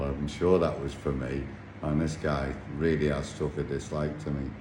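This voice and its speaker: A man telling a casual anecdote about his sailing trip, halting and full of restarts. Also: a bass voice, fairly even intonation. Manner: rambling, halting storyteller with many restarts. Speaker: yacht captain telling a story. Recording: echoey room with faint noise.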